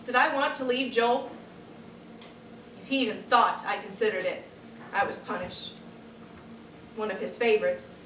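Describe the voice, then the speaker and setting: A woman's voice: medium pitch, steady tone, fairly bright tone, a little hiss or hum. Woman giving a reflective stage monologue. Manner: reflective, diary-like, measured. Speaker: performer of a dramatic monologue. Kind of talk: staged first-person dramatic monologue. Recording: echoey room, distant camera mic.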